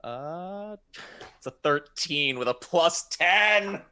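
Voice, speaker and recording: A man playing a tabletop game, excitable and quick to laugh. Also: a little high, clear, resonant tone. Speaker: player.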